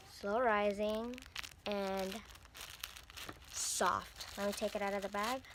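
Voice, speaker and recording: A young woman chatting casually as she unboxes squishy toys, gushing and breathy as she talks. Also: medium pitch, heavy background noise. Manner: gushing, breathy squeals over cute toys. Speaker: vlogger.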